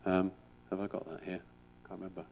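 A man's voice: low voice, completely flat delivery, a little fast, gravelly, a little mellow, highs cut off, slight background noise. A middle-aged man, a school chaplain, giving an informal sermon in a chatty, rambling way with frequent restarts.

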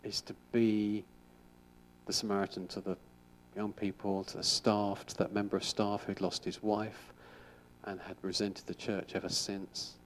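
A man's voice: on the low side, level tone, a little slow, a little hiss or hum. Rambling man giving a sermon. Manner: chatty and rambling, with frequent restarts. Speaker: school chaplain. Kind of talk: informal sermon.

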